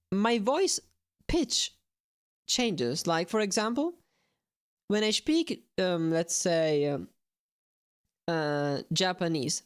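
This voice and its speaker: Lively, chatty woman streaming. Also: fairly low pitch, clear, resonant tone, no room sound, studio quality. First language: Italian. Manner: chatty and playful, laughs often. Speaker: game streamer. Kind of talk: casual live-stream chat.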